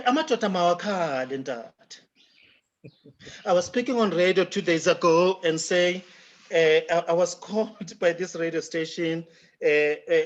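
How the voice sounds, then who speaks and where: Emphatic South African man, high voice. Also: highs cut off. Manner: emphatic, mixes in Zulu phrases, laughs often. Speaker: guest speaker. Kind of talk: lecture answer, animated.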